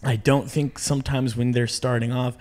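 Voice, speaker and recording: A man's voice: mid-range voice, flat delivery, moderate pace, a little mellow. A man who is a comedian, chatting casually as a podcast guest, telling stories animatedly, acting out quotes, and swearing often.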